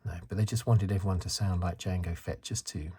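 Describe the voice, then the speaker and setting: A man in his fifties from the UK, talking in a soft-spoken ASMR chat, rambling and correcting himself. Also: low-pitched, fairly even intonation, a little fast, husky. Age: 50s. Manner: rambling, self-correcting, chuckles. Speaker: ASMR channel host.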